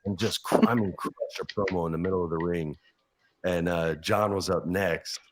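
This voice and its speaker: A man's voice: low-pitched, normal speed, slight background noise. Profane storytelling man in his forties. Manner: animated, profane anecdotes, acts out others' lines. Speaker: podcast guest. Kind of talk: casual storytelling.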